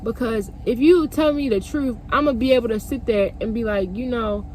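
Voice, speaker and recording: High-voiced woman telling an animated story. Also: moderate pace, a little hiss or hum. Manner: animated, profane, emphatic storytelling. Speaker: vlogger. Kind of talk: storytime vlog.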